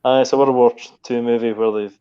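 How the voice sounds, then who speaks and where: A man's voice: medium pitch, level tone, fast talker, smooth. A man co-hosting a podcast in casual chat, hesitant and trailing off mid-sentence. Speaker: podcast co-host. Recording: slightly dull lo-fi sound.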